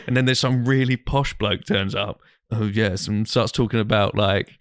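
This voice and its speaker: Animated man telling a story. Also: fairly low pitch, moderate pace, no room sound, studio quality. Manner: animated, swears freely, acts out friends' lines. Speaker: podcast co-host. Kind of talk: casual storytelling chat.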